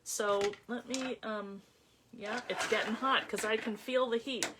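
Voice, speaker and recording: A woman's voice: on the high side, fairly even intonation, measured pace, noisy background. A woman hosting a live craft tutorial on her phone, chatting casually, thinking aloud and greeting viewers by name as she works at her craft table. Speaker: craft demonstrator hosting a livestream.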